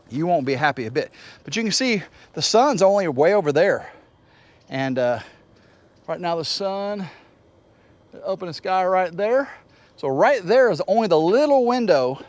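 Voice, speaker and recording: Guy rambling round his homestead outdoors, kinda high voice, jumps all over in pitch. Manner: rambling, folksy, teases his rooster. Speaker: homestead vlogger. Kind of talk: casual walk-and-talk tour. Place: outdoors on a wooded homestead, walking.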